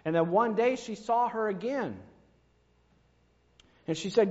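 A man's voice: high voice, a little slow, pauses often, darkish tone. A man preaching a sermon in a church, telling stories and driving his points home with emphasis. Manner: storytelling, rising to emphatic peaks. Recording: long reverb, dull lo-fi sound.

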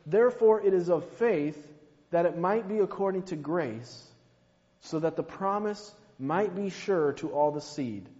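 A man preaching a sermon, slow and emphatic, dropping to a hush on key words. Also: on the high side. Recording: muffled, long hall reverb.

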